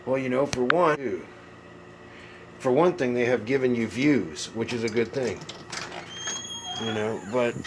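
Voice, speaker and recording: A man's voice: medium pitch, measured pace, pauses often, very noisy. Folksy Southern man chatting to viewers. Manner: rambling, folksy, talks to chat viewers. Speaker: livestream host. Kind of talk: casual live-stream chat.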